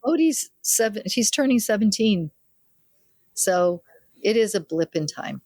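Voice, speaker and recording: A lively older woman, a midwife, recounts family anecdotes during an interview, performing the voices of the relatives she quotes. She speaks unhurriedly at medium pitch, in an echo-free, studio-quality recording.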